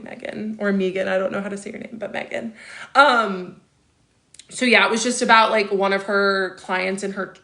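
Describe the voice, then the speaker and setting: A woman's voice: medium pitch, creaky, pushed and bright. A woman in her thirties hosting a casual livestream, reading viewer comments aloud and answering them with chatty asides and frequent laughs. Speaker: livestream host.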